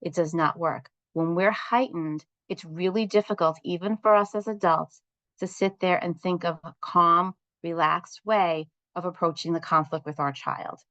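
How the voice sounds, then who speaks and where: Calm, low-voiced woman leading a support group. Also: normal speed, no echo, highs cut off. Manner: calm, explanatory, asks the group questions. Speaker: parent support group facilitator. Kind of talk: instructional talk to a group.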